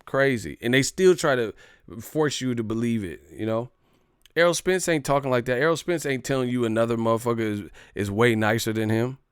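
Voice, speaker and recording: A man's voice: mid-range voice, brisk, clear, resonant tone, no room sound, studio quality. A brash, slangy man hosting a live boxing commentary stream.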